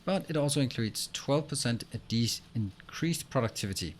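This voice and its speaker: A man hosting a let's play, explaining what he does as he plays and filling pauses with frequent ums and uhs. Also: medium pitch, expressive, a little hiss or hum. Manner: explains while playing, with frequent fillers. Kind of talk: gameplay commentary.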